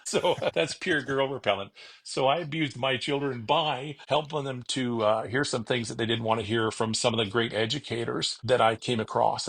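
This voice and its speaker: Middle-aged man, gravelly and husky, rambling storyteller who voices the people he quotes, casual podcast guest. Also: medium pitch, fairly bright tone. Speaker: podcast guest, car finder.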